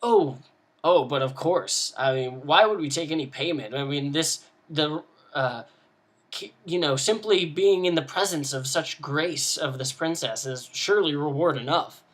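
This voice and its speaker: A man's voice: fairly high pitch, a little slow, fairly bright tone. A scornful young noblewoman from a tabletop game, dripping with mock-gracious sarcasm, as a man puts her on in his own voice. She sounds polite on the surface, but every word mocks. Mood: sarcastic.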